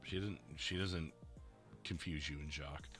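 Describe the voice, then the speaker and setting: Deep-voiced Midwestern man rambling casually. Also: fairly even intonation, fairly bright tone, husky. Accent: Midwestern American. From American Midwest. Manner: rambling, halting with many fillers and restarts. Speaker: streamer and roleplay dispatcher. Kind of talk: casual chat. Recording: faint music behind.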